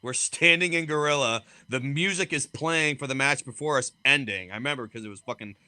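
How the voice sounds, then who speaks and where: A man's voice: medium pitch, fairly quick, pushed and bright, smooth, dry recording. A man co-hosting a podcast, telling blunt, profanity-laced stories in casual chat. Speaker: podcast co-host and wrestler.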